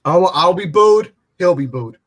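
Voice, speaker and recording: A man's voice: high-pitched, animated, a little slow. Boastful man in crude podcast banter. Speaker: podcast host. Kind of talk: casual group banter.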